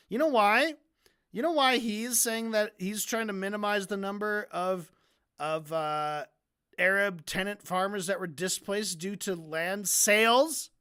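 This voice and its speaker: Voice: medium pitch, a little slow, sharp tone, clean tone. Debate streamer, casual profane rant, sarcastic, stumbles and repeats words. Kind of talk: casual ranting commentary.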